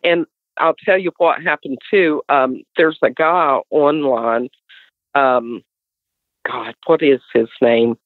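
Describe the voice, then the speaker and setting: A woman's voice: very deep voice, takes it slowly, no room sound. West Virginian woman on a tinny line. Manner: animated storyteller, acts out others' voices. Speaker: guest. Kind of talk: casual storytelling. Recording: tinny dry phone line.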